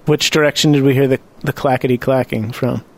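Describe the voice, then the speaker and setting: A man's voice: mid-range voice, fairly even intonation, brisk. A man playing a tabletop game, chatting casually and joking playfully. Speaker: player. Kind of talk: casual tabletop role-play chat.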